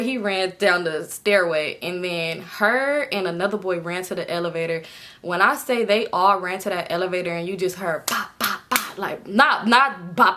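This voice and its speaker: A woman in her twenties telling a story casually to camera, animated and swearing freely, jumping up in pitch when she acts out other people. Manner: swears freely, talks straight to viewers. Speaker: storytime vlogger.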